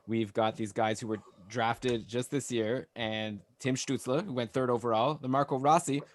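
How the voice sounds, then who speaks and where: A man's voice: medium pitch, fairly even intonation, moderate pace, no echo, clean studio sound. A man hosting a podcast in a casual chat, asking questions and teasing his guest. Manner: inquisitive, teasing. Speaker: podcast host.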